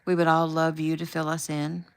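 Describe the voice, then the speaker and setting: A caring, gently firm father speaks softly and steadily, as a woman reads him aloud. His voice sits low with a gravelly edge, in a storybook telling. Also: moderate pace. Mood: gentle. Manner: soft, steady encouragement.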